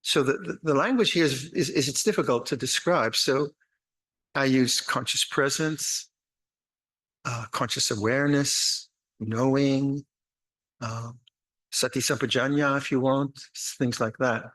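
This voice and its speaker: An older man giving a dharma talk at a meditation retreat, speaking slowly and haltingly, with many restarts and a gentle, wry humor. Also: mid-range voice, rough recording. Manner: slow, halting, many repeated words and restarts; gentle, wry, laughs at his own jokes. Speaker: meditation teacher.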